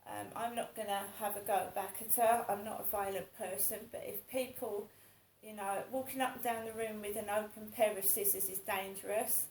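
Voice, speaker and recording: A woman's voice: mid-range voice, steady tone, normal speed, few pauses, a little mellow, echoey room, a little hiss or hum, low-quality recording. A woman in her fifties talking in a casual monologue, rambling and repeating herself in an aggrieved way. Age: 50s. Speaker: vlogger.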